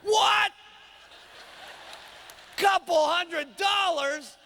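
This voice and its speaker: A man voicing a crude, grumpy, beer-drinking mechanic husband who shouts in mocking outrage. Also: very high-pitched, extremely slow, vocal fry, some chatter behind, slight background noise, pitched above the performer's own voice, heavily acted. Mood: outraged. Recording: live hall recording with long reverb.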